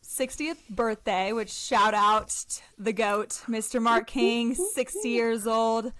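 Bright-voiced, bubbly young woman. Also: a little high, takes it slowly, no room sound. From Colorado. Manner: bubbly, enthusiastic storyteller. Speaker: podcast co-host. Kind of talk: casual chat.

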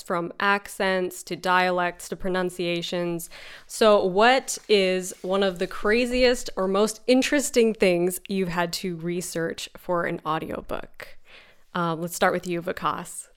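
A woman hosting a podcast, asking an interview question in a measured way. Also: on the low side, clear, resonant tone. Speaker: podcast host.

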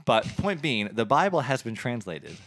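A man's voice: mid-range voice, very animated, moderate pace, fairly bright tone. A man co-hosting a podcast in casual chat, rambling with frequent fillers. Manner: rambling, lots of "um"s. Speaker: podcast co-host.

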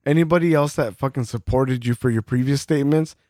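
A man's voice: mid-range voice, a little fast, a little mellow, dry recording, clean studio sound. A man co-hosting a casual podcast, chiming in sarcastically and swearing often. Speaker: podcast co-host. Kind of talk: casual beer podcast chat.

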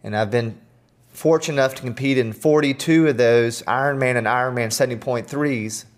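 A middle-aged man, a podcast guest, telling personal stories in an earnest, animated way with self-deprecating humor. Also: medium pitch, a little fast. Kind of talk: storytelling in conversation.

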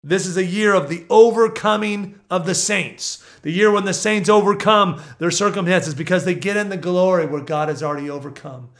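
Middle-aged male preacher, high voice, fervent delivery that drops to near-whispers. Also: normal speed, few pauses. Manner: fervent, swings from loud proclaiming to hushed. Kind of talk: sermon.

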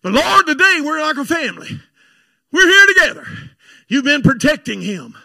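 A pleading, fervent older mother prays aloud for her son, as a male preacher puts her on. The voice sits very high and sounds bright and tense, with a gravelly edge. It is recorded close and dry. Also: very animated, moderate pace, dry recording, full character voice. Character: praying mother, older woman, earnest and pleading.

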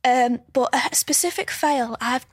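A woman's voice: high-pitched, measured pace, breathy edge, no room sound, clean studio sound. A woman in her early twenties, a podcast guest, telling stories in casual chat with frequent laughs and restarts. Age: early 20s. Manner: chatty storyteller, laughs often, restarts mid-sentence.

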